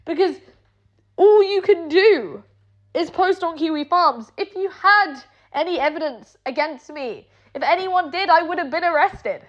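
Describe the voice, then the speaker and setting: Young British woman, high voice, heated sarcastic swearing rant, dull lo-fi audio. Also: a little slow. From Britain. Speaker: online personality. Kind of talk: angry streamed rant.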